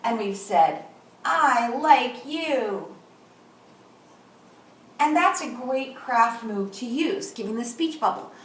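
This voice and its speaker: A middle-aged woman teaches kindergarten in a patient, deliberate way, stretching out words for young learners. Her voice sits fairly high, and she sounds set back from the mic in a room with a lot of echo and a faint hiss behind her. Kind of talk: teaching a class. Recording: echoey room, far from the mic.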